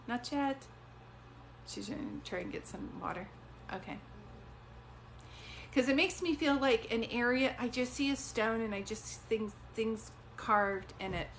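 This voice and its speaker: A woman doing a live-stream psychic reading, chatty and rambling, offering warm reassurance. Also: mid-range voice, a little hiss or hum. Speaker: psychic medium.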